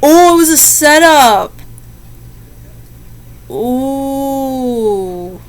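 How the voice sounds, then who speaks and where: A woman's voice: high-pitched, lively intonation, very slow, a little hiss or hum. A young woman reading short scary stories and chatting between them in a rambling, easily spooked way. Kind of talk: casual reaction commentary.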